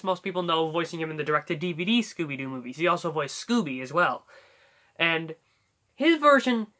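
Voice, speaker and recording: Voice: medium pitch, sharp tone. A YouTuber casually explaining how to do cartoon voice impressions, rambling and full of fillers as they think aloud. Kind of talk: casual tutorial talk.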